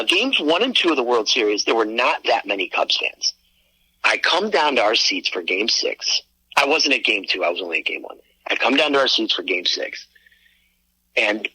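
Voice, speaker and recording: A man tells a story in a loose, casual chat, his pitch jumping all over as he goes. His tone is bright and a little husky. He is recorded close and dry. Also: no room sound, low-quality recording. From Cleveland area, USA. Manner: animated storyteller, swearing, acts out his own shouts. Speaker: podcast co-host.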